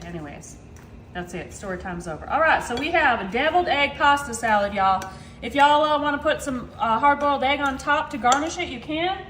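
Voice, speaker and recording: A chatty woman walks viewers through a recipe in her home kitchen, her voice sitting high and bright. She keeps saying y'all and gushing about the food. The kitchen sounds echoey, with a faint hum of room noise behind her. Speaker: cooking vlogger. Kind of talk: casual cooking demonstration.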